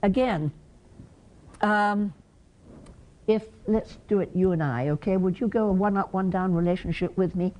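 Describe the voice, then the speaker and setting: An Englishwoman presenting at a conference, her voice mellow and warm in tone. She keeps asking the audience questions and acts out little example lines as she teaches. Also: mid-range voice, moderate pace, pauses often. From England. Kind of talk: conference lecture.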